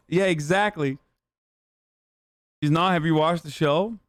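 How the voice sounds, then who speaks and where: Casual reaction host, guy in his 30s, riffing and swearing, high voice. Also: measured pace, no room sound, studio quality. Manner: animated, profane, sarcastic banter. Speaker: streamer host.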